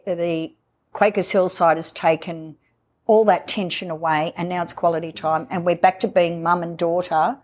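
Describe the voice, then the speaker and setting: A woman, a guest in her own home, telling a personal story in an emotional, halting way with many fillers. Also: lowish voice, steady tone, darkish tone. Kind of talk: candid personal interview.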